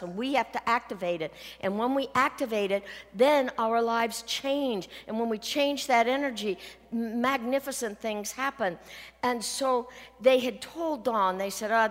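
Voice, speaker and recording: Woman preaching in an echoing hall. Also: mid-range voice. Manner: earnest storytelling, quotes others, drops to near-whisper at emotional points. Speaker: minister. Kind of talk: sermon. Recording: long hall reverb.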